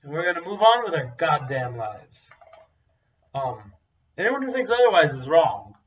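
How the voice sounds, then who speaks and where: A man's voice: a little high, big pitch swings, normal speed. A young man chatting casually as a co-host. He talks bluntly and rambles, full of fillers. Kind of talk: casual chat. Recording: dull, distant mic sound.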